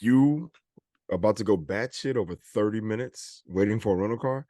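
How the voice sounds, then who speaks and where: A man co-hosting a podcast in easygoing chat. He has a low voice, uses plenty of slang and repeats his points for emphasis. The recording is dry and close. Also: moderate pace, mellow, no room sound. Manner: laid-back, uses slang, drawls with emphatic repetition. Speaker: podcast co-host. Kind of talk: casual chat.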